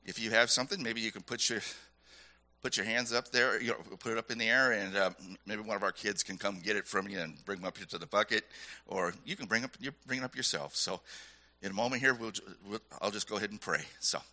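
A man speaking to a church congregation, announcing a missions offering and praying, with halting, repeated words and a folksy manner. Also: lowish voice, pushed and bright. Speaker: church leader leading offering prayer.

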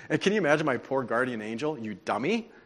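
A man preaching a sermon, telling stories in an animated, conversational way. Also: medium pitch, quick pace. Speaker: pastor. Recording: long hall reverb.

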